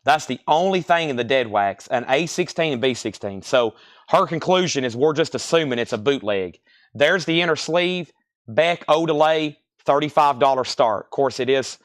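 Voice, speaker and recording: A man running a live online record sale, calling out bids, buyers and prices in a rapid, repetitive patter. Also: mid-range voice, animated, no room sound, clean studio sound. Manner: rapid-fire, repetitive calls of sales and prices. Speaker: live-stream record seller.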